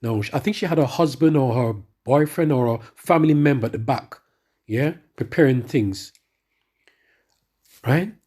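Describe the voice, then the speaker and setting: Husky, rambling man giving testimony. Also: medium pitch, moderate pace, pauses often, mellow. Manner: rambling, keeps checking in with the listener. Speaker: church member giving testimony.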